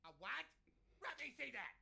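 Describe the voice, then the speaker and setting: Shrill, gravelly cartoon restaurant owner with a Chinese accent. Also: male voice, very animated, normal speed, exaggerated voice. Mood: furious. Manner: angry, swearing, shouting. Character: hot-tempered middle-aged male restaurant owner, cartoon.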